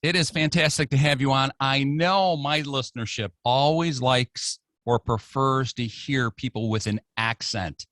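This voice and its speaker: A man's voice: mid-range voice, fairly even intonation, unhurried, few pauses, fairly bright tone, no room sound, studio quality. An American man hosting a radio talk show, interviewing a guest with jokey, playful banter. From United States. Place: radio studio.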